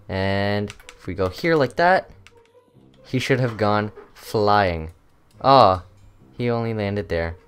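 A man's voice: lowish voice, clear, resonant tone. Rambling young man narrating gameplay. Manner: rambling, chatty, many ums and uhs. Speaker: gaming channel host. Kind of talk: casual gameplay commentary.

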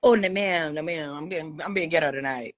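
A young woman with a Southern US accent, hosting a casual livestream chat, loud, playful and teasing. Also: low-pitched, fairly quick. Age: young adult. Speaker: DJ and livestream host. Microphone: phone on a live video call.

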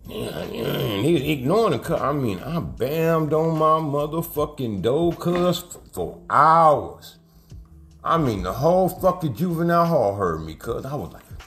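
A man's voice: on the high side, sing-song, measured pace, faint music behind. A middle-aged man, telling street stories in casual, profane, slang-heavy talk and acting out the quotes. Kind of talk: casual storytelling.

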